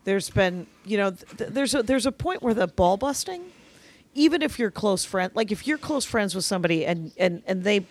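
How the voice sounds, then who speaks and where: A woman co-hosting a podcast in casual chat, relaying gossip with quick agreement and retold quotes. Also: medium pitch, lively intonation. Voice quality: chatty gossip, quick back-and-forth agreement. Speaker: podcast co-host.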